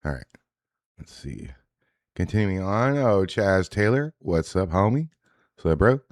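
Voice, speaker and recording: A man's voice: low voice, big pitch swings, a little slow, no echo, studio quality. A man hosting a casual reaction show, talking bluntly and profanely, rambling with restarts as he reacts to posts. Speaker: show host reacting to social media posts. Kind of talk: casual live reaction commentary.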